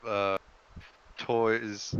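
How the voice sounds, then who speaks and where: A man playing a tabletop game, talking haltingly with many fillers. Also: lowish voice, flat delivery, a bit bright, smooth, highs cut off. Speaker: player.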